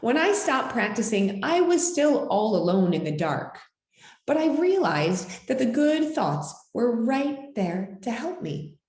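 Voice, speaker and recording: A woman's voice: fairly high pitch, sing-song, takes it slowly, a little mellow, roomy sound. A woman reading a children's picture book aloud as storyteller, with dramatic, swooping delivery.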